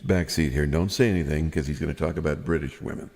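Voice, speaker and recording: A man's voice: a bass voice, quick pace, gravelly, long reverb tail, heavy background noise. A man hosting a casual chat show, laughing often and chatting easily. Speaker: host.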